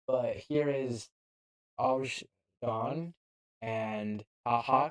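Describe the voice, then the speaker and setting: Speaking into a handheld mic, a man gives casual live play-by-play of a football match at medium pitch, halting and often unsure of player names. The recording quality is low.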